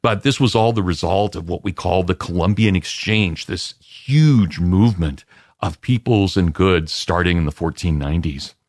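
A man answering interview questions as a guest historian, in an expansive, lecturing way with lively emphasis. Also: deep voice, normal speed, no room sound, clean studio sound.

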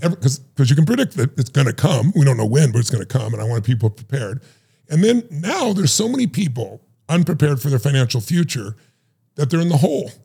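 Gravelly husky guy talking fast, acting out quotes, super emphatic. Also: mid-range voice, very animated, mellow. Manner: acts out quotes in raised voices, emphatic. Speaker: guest, life strategist. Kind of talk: animated storytelling.

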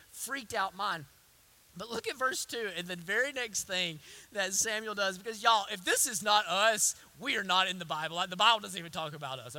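A man preaches a sermon with a very high voice. He drops to near-hushed lines, then rises to loud, impassioned ones, with folksy asides to his listeners. His tone is sharp and bright. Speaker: pastor.

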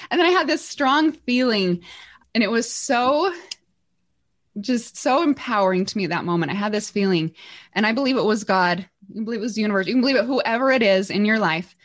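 A woman telling a motivational story, animated, acting out the voices in her quotes with big jumps in pitch. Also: fairly quick. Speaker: guest speaker.

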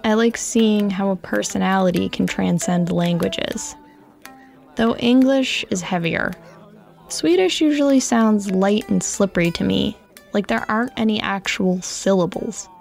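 Brief: woman narrating her story, reflective, evenly read, gravelly fry at phrase ends. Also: mid-range voice, a little slow, darkish tone, faint music behind. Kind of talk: scripted first-person story narration.

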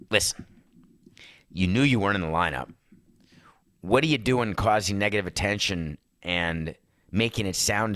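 A man imitating a calm veteran baseball manager who lectures a young player in a relaxed, fatherly but firm way, leaning back rather than looming. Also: fairly low pitch, no echo, clean studio sound.

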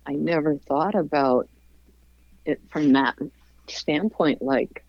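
Woman spinning a fishing story, slow and kinda low, dull dry sound. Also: no echo. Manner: slow, warm anecdote-telling with voiced quotes and laughs. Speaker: guest. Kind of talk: storytelling in a casual interview.

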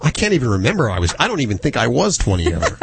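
A man's voice: mid-range voice, huge pitch swings, very fast, gravelly, noisy background. A man hosting a radio talk show, bantering and reading out contact details and listener questions. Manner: joking, offhand banter.

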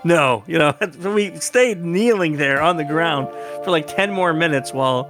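A man with a somewhat high voice tells a story in an interview and laughs often along the way. He acts out the quotes, and faint music plays behind him. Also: normal speed. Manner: lively, laughing anecdote with acted-out quotes. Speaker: security consultant.

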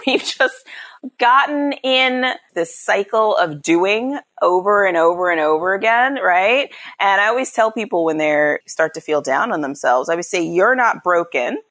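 A woman in her thirties, a parenting coach in a podcast interview, acting out quotes with big pitch jumps. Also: fairly bright tone.

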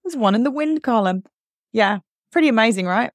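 A woman's voice: on the high side, expressive, fairly quick, no room sound. A woman hosting a podcast and reading a listener's letter aloud, audibly moved and choked up as she talks. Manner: emotional, choked up while reading. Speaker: podcast host. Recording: dry, close studio sound.

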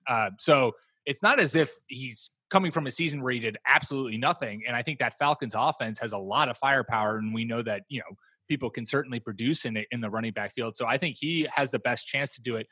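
A man hosting a casual fantasy football podcast, talking in an animated way with laughs. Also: mid-range voice, husky, dry recording. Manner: animated, laughs, mimics others. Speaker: podcast host.

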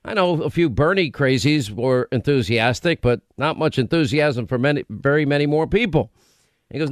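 A man's voice: on the high side, animated, normal speed, no room sound, clean studio sound. A man hosting a political talk radio show, with a combative, run-on delivery. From United States.

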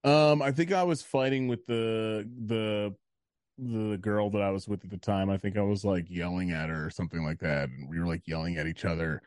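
A man's voice: fairly low pitch, fairly even intonation, normal speed, darkish tone, no room sound, clean studio sound. A man co-hosting a podcast, telling stories casually with lots of swearing and acted-out quotes. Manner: profane storytelling, acts out quotes. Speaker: podcast co-host. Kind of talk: casual chat.

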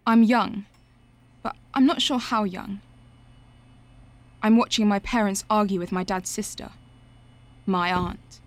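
This is a slow, unhurried narrator in an audio drama, a woman voicing a young woman recalling her family. Her pitch sits mid-range and she talks quietly and reflectively, letting each thought settle before the next. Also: fairly even intonation, no room sound, natural voice. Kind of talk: scripted first-person audio drama narration.

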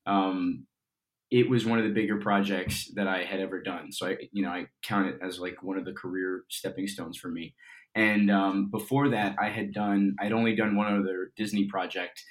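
Young actor guest from Colorado, slightly low voice, rambling and lively anecdote teller. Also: male voice, moderate pace. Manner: chatty, animated storyteller with fillers. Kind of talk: casual storytelling interview.

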